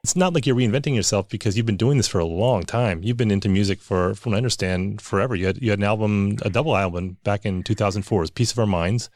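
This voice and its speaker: Male podcast host, rapid and chatty, lowish voice, dry close sound. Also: a little mellow, dry recording. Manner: chatty, quick, self-interrupting. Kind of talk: casual interview.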